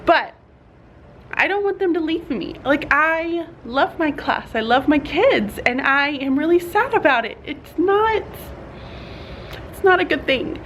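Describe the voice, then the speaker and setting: Tired, earnest woman teacher, casual vlog talk, slightly high voice, faint room hiss. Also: expressive, unhurried, fairly bright tone. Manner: chatty and earnest, says y'all, laughs often. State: tired, yawning. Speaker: teacher vlogger. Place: classroom.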